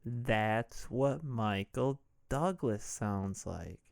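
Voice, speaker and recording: A man's voice: mid-range voice, expressive, drawn-out words, creaky, no echo, studio quality. A man hosting a podcast, recapping a movie casually with irreverent jokes and swearing. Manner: irreverent, jokey, swears freely. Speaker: podcast host.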